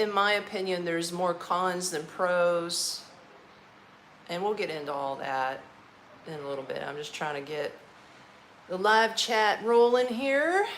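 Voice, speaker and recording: Woman, from Florida, tired, talks slow with a lowish voice, faint room hum; live-stream host. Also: a bit bright, rough recording. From Orlando, Florida, United States. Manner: chatty, loose, laughs often, folksy slang. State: tired, eating while talking. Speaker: vlogger hosting a live stream. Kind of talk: casual live-stream chat. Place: her apartment, indoors.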